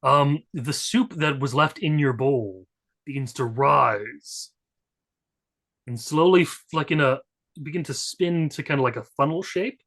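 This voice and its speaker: A man's voice: fairly high pitch, a little slow, fairly bright tone. A man narrating as game master of a tabletop role-playing game, laid-back and joking, with fillers.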